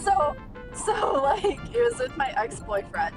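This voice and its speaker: A young woman tells a story among friends, swearing casually and laughing as she goes. Her voice sits a little high and comes from away from the mic. Music plays clearly behind her. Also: wildly swooping pitch, measured pace, far from the mic.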